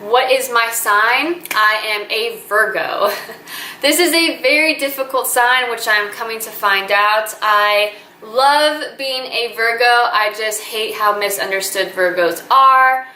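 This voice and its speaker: Brief: twenties woman vlogger, bright and earnest, echoey room with faint background hiss. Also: on the high side, slow. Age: 20s. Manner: chatty and earnest, gushing with fillers. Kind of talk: casual talking-to-camera vlog.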